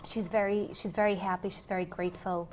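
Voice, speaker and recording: A woman guest in an interview who speaks quietly and haltingly, sounding grateful. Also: mid-range voice, flat delivery. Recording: distant mic with faint background noise.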